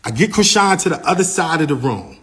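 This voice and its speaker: A man's voice: a little high, brisk. Man animatedly retelling a dramatic story. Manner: animated retelling, acting out others' lines, many "like" fillers. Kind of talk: casual first-person storytelling.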